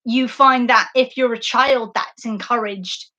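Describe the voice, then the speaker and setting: Slow-talking, emotional woman podcaster. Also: on the high side, steady tone, pushed and bright, lo-fi sound. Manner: effusive and emotional, with frequent laughs and fillers. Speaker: podcast host. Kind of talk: casual livestream book discussion.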